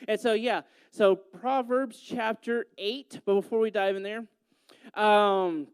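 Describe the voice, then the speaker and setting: A man's voice: high voice, smooth, no room sound. A man giving a talk to a gathering, telling a story in a playful way and teasing his listeners. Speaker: youth speaker.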